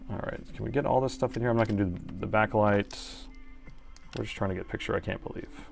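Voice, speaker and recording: A middle-aged man talks through a live laptop repair, chatty and quick to poke fun at himself. His voice sits low and carries a gravelly rasp. Faint music runs underneath. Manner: chatty and self-mocking, talking while working. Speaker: repair technician streamer. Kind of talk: live repair stream commentary.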